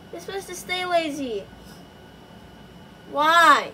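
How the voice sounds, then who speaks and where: A woman hosting a horror gameplay video. She talks to the game characters in a jumpy, excitable way and rambles with many fillers. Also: fairly high pitch, normal speed, pauses often, slight background noise, rough recording. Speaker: gaming channel host. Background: loud game music.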